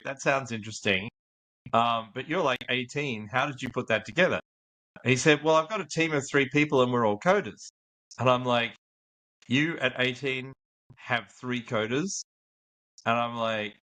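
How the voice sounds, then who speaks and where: Investor guest, male, mid-range voice, relaxed storyteller who voices the dialogue. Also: medium pitch, low-quality recording. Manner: acts out quoted dialogue in anecdotes. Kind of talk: storytelling interview answer.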